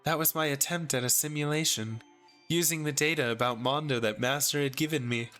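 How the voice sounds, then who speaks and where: A man reading the lines of a polite, earnest computer program in a calm, formal way. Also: fairly high pitch, a little fast, faint music behind, lightly acted.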